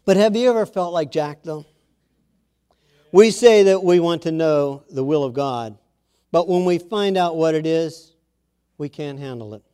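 A man preaching a sermon, telling a story and then speaking earnestly and quietly to his listeners. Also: fairly high pitch, smooth. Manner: slow, earnest, softening into quiet intimate tones.

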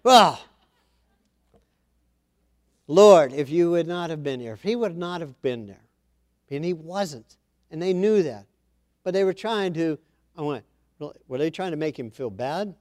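A man's voice: on the high side, expressive, moderate pace, warm tone, no echo, studio quality. A man preaching an informal Bible-study sermon, reading scripture aloud and then commenting in a chatty way with asides.

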